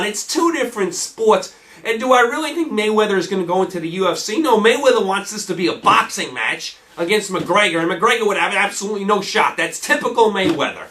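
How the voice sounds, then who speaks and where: Exasperated high-voiced man ranting about sports. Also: a bit bright, distant mic. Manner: exasperated, ranting, rhetorical questions. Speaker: sports talk host. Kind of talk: solo sports rant.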